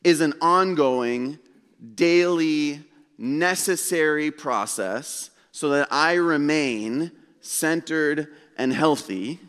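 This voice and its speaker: A man preaching a sermon as pastor in a church, telling a story in a relaxed, conversational way with self-deprecating humor. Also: a little high, slow, smooth. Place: church sanctuary. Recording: long hall reverb.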